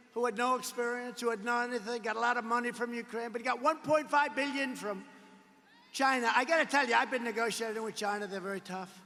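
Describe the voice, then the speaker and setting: A man with a very high-pitched, sharp voice gives an emphatic, repetitive political rally speech with sarcastic asides. The large arena adds long reverb.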